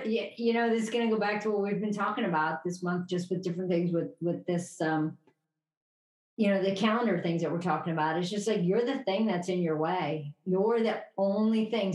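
A woman co-hosting a casual podcast chat, rambling and upbeat with halting restarts. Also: mid-range voice, a little mellow. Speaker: podcast co-host. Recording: echoey room.

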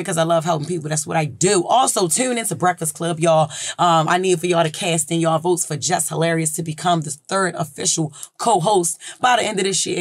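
A woman's voice: deep voice, dry recording, studio quality. A woman hosting an advice podcast in a casual chat, blunt and profane, talking loosely and circling back on her points. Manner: loose and conversational, repeats herself.

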